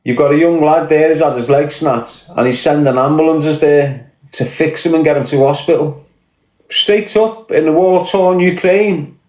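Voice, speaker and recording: A podcast guest with a Liverpool Scouse accent rants bluntly and profanely, recorded in an echoey room. His voice is a little high and a little mellow.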